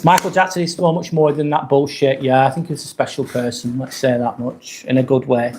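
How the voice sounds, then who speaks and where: An English-accented man hosts a live stream from a rented apartment. He talks casually at a middle pitch, rambling a little, and stops often to answer viewers' comments. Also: fairly even intonation, brisk, a little mellow. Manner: chatty, reads out viewer comments and answers them.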